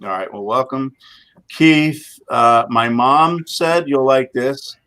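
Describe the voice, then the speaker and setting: Man, casual livestream host, chatty, mid-pitched voice, dry close sound. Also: expressive, takes it slowly, fairly bright tone, smooth, no room sound. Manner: chatty, reads viewer comments aloud.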